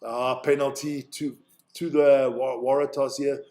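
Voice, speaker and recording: Speaking a little slowly in a warm, mid-range voice with flat delivery, a South African man watches rugby on a live stream. He chats casually, thinks out loud and swears freely.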